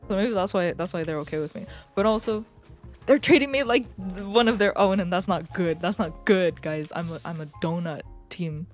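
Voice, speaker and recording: A woman's voice: on the low side, moderate pace, soft background music. A young woman streamer in casual live chat, rambling, swearing often and joking as she goes.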